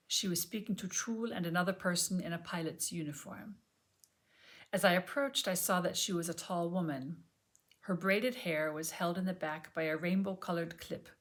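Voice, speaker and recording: A woman reading an audiobook chapter aloud at home, gentle and measured, sometimes dropping to a near whisper. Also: fairly low pitch. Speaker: audiobook reader. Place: home, on a sofa.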